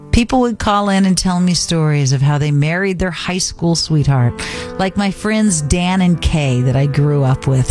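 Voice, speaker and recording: Female late-night radio host, intimate and earnest, light music bed. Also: low-pitched. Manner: intimate, confiding, gently earnest.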